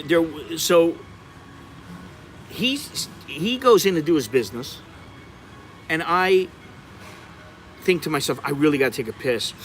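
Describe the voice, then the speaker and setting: American male vlogger, slightly high voice, animated storyteller, faint street noise behind. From United States. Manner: animated, bursts into high-pitched laughter and acted-out exclamations. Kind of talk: casual storytelling livestream.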